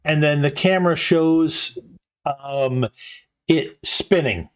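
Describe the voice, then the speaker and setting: A man narrating a tabletop game as game master at a live convention show, halting with many ums and restarts. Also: on the high side.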